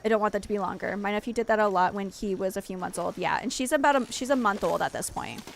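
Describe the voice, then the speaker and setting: A woman's voice: medium pitch, animated, fast talker, creaky, a little hiss or hum. A young adult woman hosting a game stream, talking in a loose, rambling way with lots of "like" and restarts. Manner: rambling, heavy use of "like", frequent restarts. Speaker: streamer, host. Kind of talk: casual chat while playing a game.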